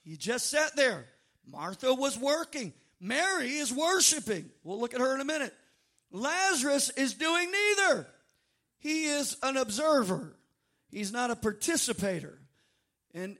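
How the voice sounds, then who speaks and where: A male pastor, from North Louisiana, preaching a dynamic sermon with bursts of shouting and drawn-out, sung phrases. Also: very high voice. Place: church sanctuary before a congregation.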